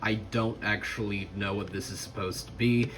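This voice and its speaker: A man's voice: fairly low pitch, fairly even intonation, moderate pace, a bit bright, poor audio. A tired man hosting a casual toy review vlog, chatty and rambling. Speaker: host.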